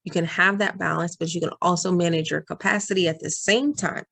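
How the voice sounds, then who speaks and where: A woman's voice: lowish voice, fairly even intonation, a little fast, creaky, fairly bright tone, husky. A woman coach talking straight to her viewers in an encouraging, earnest vlog, giving advice to working moms and calling them "y'all". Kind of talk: direct-to-camera advice vlog.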